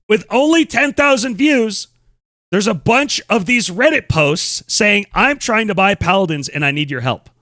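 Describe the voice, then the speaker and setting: Animated, bright-voiced man streamer. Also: sits high, dry recording, clean studio sound. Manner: blunt, incredulous, swears freely. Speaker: streamer host. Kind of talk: casual stream commentary.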